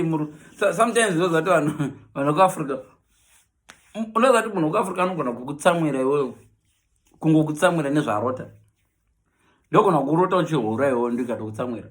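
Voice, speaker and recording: A man with a Zimbabwean accent delivers a comic monologue. His voice sits a little high and swings up and down a lot as he moves between Shona and English and acts out his characters. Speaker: comedian.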